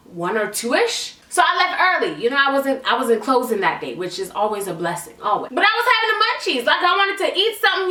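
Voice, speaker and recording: Young woman storyteller, blunt and swearing, recorded in an echoey room. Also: a little high. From Canada. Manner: animated, candid and profane. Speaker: vlogger. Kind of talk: storytime vlog. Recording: echoey room, mic at a distance.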